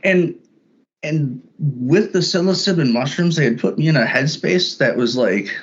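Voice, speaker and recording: A man talking as a podcast guest, telling a personal story in a halting way that often repeats words when starting a thought. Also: a little high, animated, breathy edge. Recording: dull lo-fi sound.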